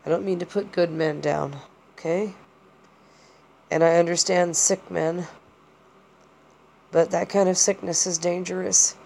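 A woman's voice: lowish voice, steady tone, unhurried, vocal fry, long pauses, darkish tone, slight background noise. Hesitant, rambling woman podcaster. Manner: rambling, hesitant, many fillers and restarts. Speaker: podcast host. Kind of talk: personal monologue.

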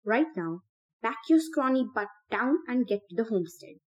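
A woman voicing a calm, steely teenage boy leader who speaks firmly. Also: on the high side, normal speed, close to an everyday voice. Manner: calm and firm.

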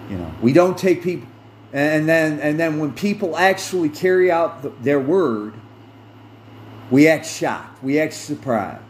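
A middle-aged man speaks slowly and deliberately, his fairly high voice rising and falling a great deal. He tells a personal story with earnest emphasis, repeating phrases to drive a point home. A faint air-conditioner hum sits behind him. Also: lively intonation. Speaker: podcast host.

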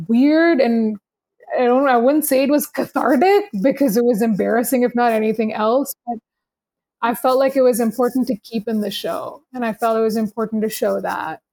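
A woman's voice: fairly high pitch, moderate pace, darkish tone. A young adult woman talking candidly on a podcast, emphatic and peppered with "like". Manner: emphatic, candid, heavy use of "like". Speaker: podcast guest, podcast host and business owner.

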